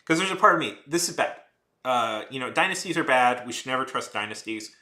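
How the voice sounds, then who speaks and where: A man's voice: medium pitch, lively intonation, a little fast, pushed and bright. A man in his thirties chatting casually on a stream. He rambles with lots of fillers and turns heated and ranting. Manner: rambling, heavy use of "like", restarts and trails off. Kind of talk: casual rambling chat while drawing. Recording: echoey room.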